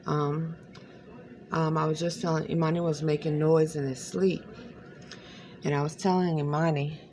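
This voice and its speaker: A woman speaking in a hesitant, rambling late-night monologue at home, filling her talk with many pauses and fillers. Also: deep voice, little pitch movement, darkish tone, slight background noise. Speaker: vlogger.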